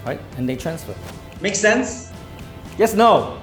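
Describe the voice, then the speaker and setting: A man's voice: high voice, very animated, slow pace, long pauses, a bit bright, faint music behind. A man giving a sales training lecture to a live class, emphatic and acting out phone calls in a commanding tone.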